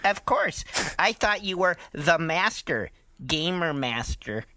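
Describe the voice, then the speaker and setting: A man's voice: on the high side, lively intonation, slow pace, sharp tone, voice pushed up, heavily acted. A man voicing a coy, flirting online gamer in a comic dramatic reading, his voice lightly raised.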